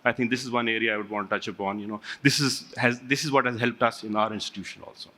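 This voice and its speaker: Brief: male panelist, rapid delivery, tense bright tone, lots of "you know". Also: medium pitch, steady tone. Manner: brisk, hedging with fillers. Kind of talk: conference panel talk.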